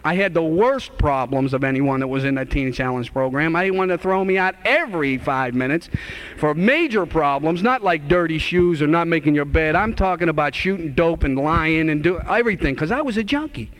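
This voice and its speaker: A middle-aged preacher man telling his own story from the pulpit, high-pitched and fervent. He rises in pitch and volume when he acts out old conversations, and then he leans into earnest exhortation. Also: expressive, fairly quick, a bit bright. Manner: impassioned, acts out dialogue in a raised voice. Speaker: minister giving his testimony. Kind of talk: testimony sermon to a live audience.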